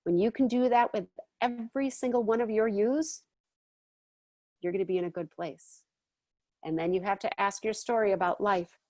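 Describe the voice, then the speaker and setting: A woman's voice: medium pitch, steady tone, moderate pace, pauses often, darkish tone, no room sound. A woman teaching a class in a casual, chatty way, often checking in with her listeners. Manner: chatty, often checks in with "okay?" and "all right?".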